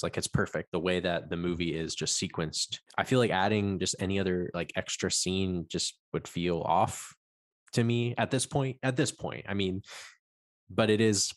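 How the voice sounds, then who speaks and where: A man's voice: low voice, no room sound, studio quality. A man co-hosting a podcast, chatting loosely about a film, rambling and swearing as he acts out quotes. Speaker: podcast co-host. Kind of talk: casual film discussion.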